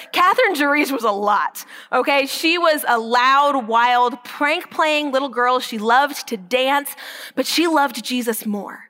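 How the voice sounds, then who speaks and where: A woman with a high voice gives an inspirational Catholic talk and tells the stories with lively energy. She drops into a hushed whisper for emphasis and slows right down on the words that matter. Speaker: Catholic speaker.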